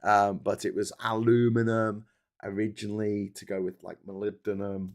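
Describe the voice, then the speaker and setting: A man's voice: lowish voice, level tone, normal speed. A British man in his fifties hosting a casual live stream, reading viewer comments and ranting with plenty of swearing and restarts. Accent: British English. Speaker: livestream host.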